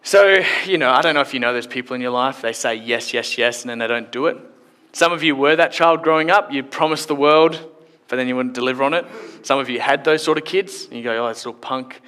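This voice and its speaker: A man's voice: mid-range voice, a little fast, sharp tone, clear, resonant tone. A man preaching a sermon in church, in a conversational, playful storytelling way. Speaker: pastor.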